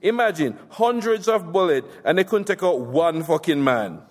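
A man's voice: on the high side, expressive, normal speed, long reverb tail, pitched above the performer's own voice. A man putting on a furious gangster. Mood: scornful. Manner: crude, boastful, mocking. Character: foul-mouthed, furious Jamaican gangster man.

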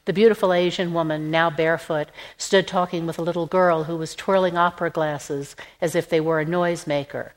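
Woman narrating a novel, low voice. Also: steady tone, brisk, hardly any pauses, poor audio. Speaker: audiobook narrator. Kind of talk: scripted narration.

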